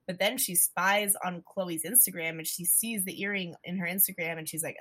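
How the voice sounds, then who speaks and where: A woman recapping a movie in casual chat, animated and swearing often, acting out the characters' lines as she goes. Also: fairly low pitch, brisk, few pauses.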